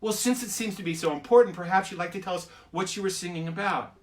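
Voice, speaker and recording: A man's voice: sits high, fast talker, lightly acted. A man doing a nagging, ranting schoolteacher. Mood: sarcastic. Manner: nagging, repeating himself, sarcastic. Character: exasperated middle-aged male schoolteacher.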